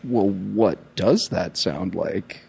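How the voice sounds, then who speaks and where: A man's voice: low voice, extremely slow, vocal fry, warm tone, husky. A man in casual chat who makes dry jokes.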